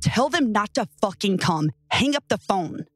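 A woman's voice: medium pitch, expressive, normal speed, no room sound, soft background music, natural voice. Woman voicing a panicked, drunk injured man. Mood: demanding. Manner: slurred, demanding.

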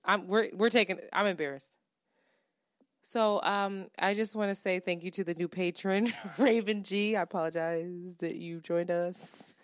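A woman co-hosting a podcast, chatting casually with profane, animated banter. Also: lowish voice, unhurried, no room sound, studio quality. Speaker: podcast co-host. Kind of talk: casual chat.

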